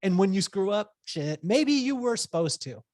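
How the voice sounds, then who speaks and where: Here the Southern California podcast guest, a business coach in his forties, speaks at normal speed in a high, very animated voice with a slightly mellow quality. His storytelling is lively, full of laughter, casual swearing and acted-out quotes, recorded in the studio with no room sound.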